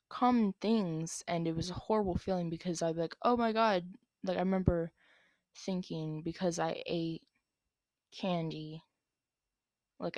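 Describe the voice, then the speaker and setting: A young woman chats through viewer questions in a loose, rambling way, with many ums and likes. Her voice sits a bit low for a woman. The sound is dry and close, with no room echo. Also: a little mellow. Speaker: vlogger answering questions. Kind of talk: casual Q&A vlog.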